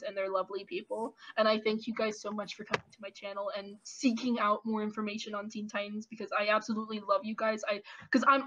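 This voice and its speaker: A woman in her twenties giving casual, animated opinion commentary with lots of ums and restarts. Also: a little high. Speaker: YouTube commentator. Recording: lo-fi dull audio.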